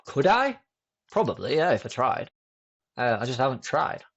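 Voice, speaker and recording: A man as a podcast guest, chatting in a relaxed, rambling way with many fillers and restarts. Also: medium pitch, normal speed, vocal fry, slightly rough, lo-fi sound. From United Kingdom. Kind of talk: casual conversational storytelling.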